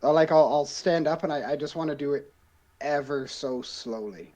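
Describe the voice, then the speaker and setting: A man's voice: fairly high pitch, flat delivery, fast talker, mellow, poor audio. Laid-back sarcastic male player. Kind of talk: casual role-play as a player character.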